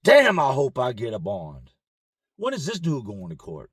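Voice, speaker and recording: A man telling a personal story in a casual, animated vlog style, recorded in his car. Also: mid-range voice, normal speed, slightly rough, no echo, studio quality. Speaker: vlogger.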